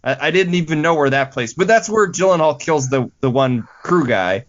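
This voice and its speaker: A man's voice: fairly high pitch, lively intonation, normal speed, highs cut off. Inquisitive man steering a podcast chat. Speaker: podcast host. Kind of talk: casual chat.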